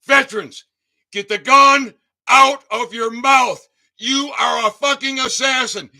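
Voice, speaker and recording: A man hosting his own channel, delivering a fervent rant full of hammering rhetorical questions, often shouting, his voice cracking with emotion. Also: extremely high pitch, fairly even intonation, slow, gravelly. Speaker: channel host. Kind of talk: impassioned livestream rant.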